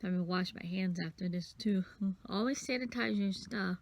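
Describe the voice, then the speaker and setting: A woman's voice: mid-range voice, moderate pace, dry recording. A sniffly woman casually rambling through a bead-bracelet craft tutorial, counting beads aloud as she works. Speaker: craft vlogger.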